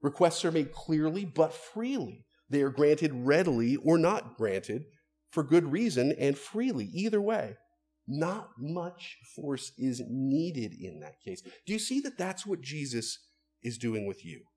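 A man's voice: on the high side, sing-song, measured pace, a little mellow, slightly rough. A man, a pastor, preaching an earnest, conversational sermon and asking his listeners rhetorical questions.

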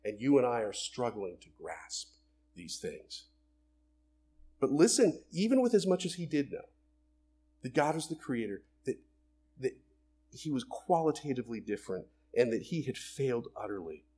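A man preaching a sermon, explaining scripture in an animated way and acting out the voices in his quotes. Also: medium pitch, normal speed, breathy edge. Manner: animated, acts out voices of people and God in quotes.

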